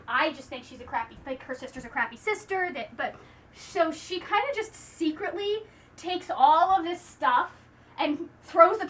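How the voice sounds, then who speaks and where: Bright, high-voiced chatty woman. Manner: gushing and chatty, full of "like" and restarts. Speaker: book reviewer. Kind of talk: casual vlog chat.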